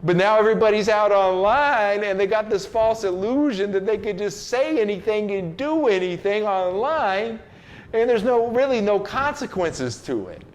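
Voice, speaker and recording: A man's voice: sits high, animated, normal speed. A man giving a casual motivational talk, loose and slangy with many fillers and restarts, now and then acting out other people's lines. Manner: acts out quoted people in changed voices. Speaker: host giving a motivational message.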